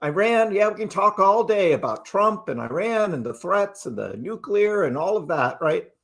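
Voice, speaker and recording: A man's voice: sits high, very animated, moderate pace, creaky, fairly bright tone. A man hosting a casual livestream, chatting loosely and often tagging his points with "right?". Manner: chatty, keeps asking "right?". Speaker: crypto livestream host.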